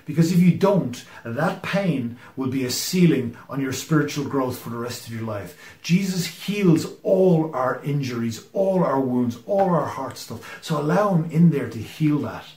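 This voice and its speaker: A man preaching a sermon, earnest and emphatic, often letting his sentences fall to a quiet finish. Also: mid-range voice, expressive, unhurried, hardly any pauses, echoey room. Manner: earnest and emphatic, often dropping to a hushed close. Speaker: pastor.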